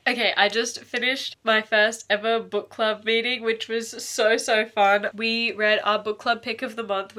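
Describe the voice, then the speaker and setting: A young woman chats in a casual book vlog, gushing and emotional about what she has read. Her voice sits at a middling pitch. She talks in a loose, chatty way straight to her viewers. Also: bright, forceful tone. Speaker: book vlogger.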